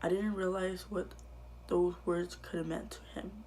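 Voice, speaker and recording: A woman vlogger telling her own life story to camera in a halting, quiet way that often drops to a whisper. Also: on the low side, level tone, slight background noise.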